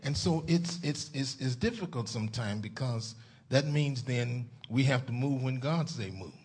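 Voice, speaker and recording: A man preaching a folksy sermon in a church as a guest preacher, starting soft and building to loud exhortation. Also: medium pitch, expressive, normal speed, husky.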